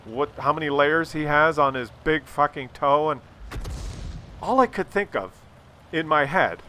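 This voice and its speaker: A man's voice: fairly high pitch, animated, unhurried, bright, forceful tone, slight background noise. An older man telling a rambling, sarcastic, profane story as a gaming YouTuber talks over gameplay.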